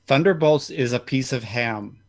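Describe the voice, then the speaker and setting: A man playing a tabletop game, casual and deadpan. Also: mid-range voice, moderate pace. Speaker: player.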